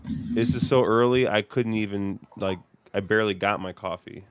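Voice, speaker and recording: A man's voice: on the low side, moderate pace, clear, resonant tone. A man with a stuffy, congested voice, hosting a casual podcast chat and rambling with lots of fillers. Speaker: podcast host. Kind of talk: casual horse racing chat.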